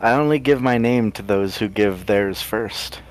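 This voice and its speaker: A man voicing a guarded, dry bearded male adventurer who speaks slowly. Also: lowish voice, lightly acted, rough recording.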